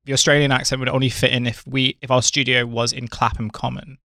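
A man co-hosting a podcast, making quick self-deprecating remarks in casual chat. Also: mid-range voice, flat delivery, pushed and bright, no echo, clean studio sound. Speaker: podcast co-host.

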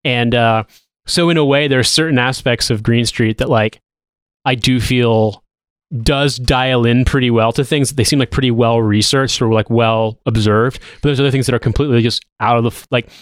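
This podcast co-host, a man in his thirties, rambles through a loose chat full of restarts and casual swearing. His medium-pitched voice is smooth and steady at a moderate pace, captured in a dry, clean studio recording.

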